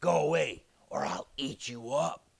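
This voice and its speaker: A man's voice: mid-range voice, very animated, a little slow, creaky, husky, exaggerated voice. A man voicing a blustering male dragon, a bully who is secretly a coward, with a growling delivery in a storybook read-aloud. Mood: menacing.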